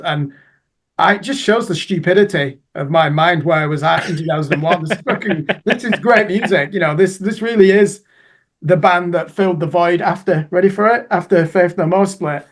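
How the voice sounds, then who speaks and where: A man's voice: sits high, fairly quick. A man chatting as co-host of a music review show, rambling and self-deprecating. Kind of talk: casual music review chat.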